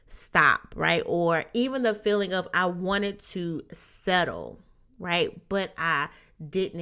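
A young adult woman speaks straight to her listeners in a motivational podcast monologue. Her voice is bright and forceful, sits a little low, and she talks with earnest encouragement, often tagging her points with "right?". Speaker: podcast host.

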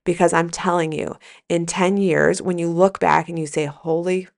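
A middle-aged woman hosts her podcast, delivering an emphatic, energetic pep talk with plenty of repetition and casual swearing. Her voice sits fairly low and has a gravelly, fried edge. She speaks into a close podcast mic. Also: normal speed. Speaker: podcast host and coach. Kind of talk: motivational podcast monologue.

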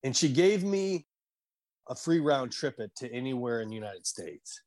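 A man telling an emotional personal story in conversation, earnest and halting, at times choked up. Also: medium pitch, sing-song, a little mellow. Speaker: guest.

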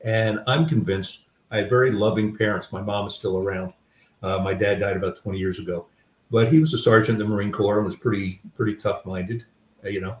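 A man's voice: on the low side, steady tone, a little fast. An older man, a grandfather and author, telling stories from his life in a reflective, self-deprecating way with many fillers and restarts. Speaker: guest author. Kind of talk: storytelling in a conversation. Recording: roomy sound, a bit far from the mic.

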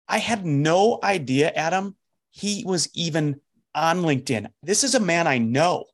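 Gravelly storytelling man, higher voice. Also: moderate pace. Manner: animated storyteller, acts out quoted dialogue. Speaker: life coach and podcast host. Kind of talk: storytelling in casual conversation.

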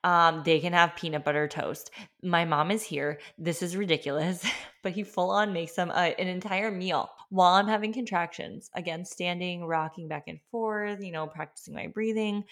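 A young woman hosting her own podcast, talking casually through a personal story. She speaks in a fairly low voice and leans on "like" as she stresses her points. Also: fairly even intonation, normal speed, fairly bright tone. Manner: chatty, emphatic, lots of "like". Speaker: podcast host.

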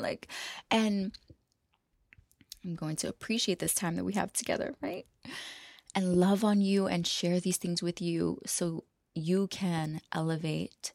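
Gravelly low woman, rambling podcast talk. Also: steady tone, measured pace, pauses often, dry recording, studio quality. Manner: rambling, laughs often, drops to a hushed whisper at times. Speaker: podcast host. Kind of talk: casual freestyle monologue.

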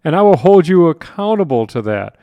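A man's voice: a little high, sing-song, fairly quick, no echo, lo-fi sound. Emphatic man hosting a dry-sounding podcast. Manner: earnest, emphatic, with wry asides and chuckles. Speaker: podcast host and confidence coach. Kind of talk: solo podcast monologue.

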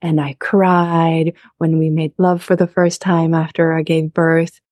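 A woman's voice: deep voice, little pitch movement, a little slow, a little mellow, dry recording. A young woman talking candidly and emphatically in a conversation, frank and outspoken. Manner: frank, emphatic, openly explicit.

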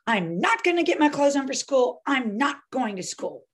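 A woman's voice: sits high, big pitch swings, moderate pace, breathy edge, voice pushed up, full character voice. A woman voicing a defiant young child who refuses to get dressed for school, overdramatized and silly. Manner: whiny, exaggerated silliness.

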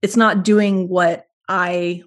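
A woman's voice: on the low side, flat delivery, takes it slowly. A woman speaking as a podcast guest, earnest and reflective, talking through her parenting in long flowing thoughts. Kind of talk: podcast interview conversation.

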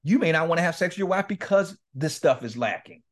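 A middle-aged man, a guest speaker and men's ministry leader, tells candid stories in a podcast interview. His voice is fairly high with lively intonation and a quick pace, and he laughs often and acts out quoted dialogue.

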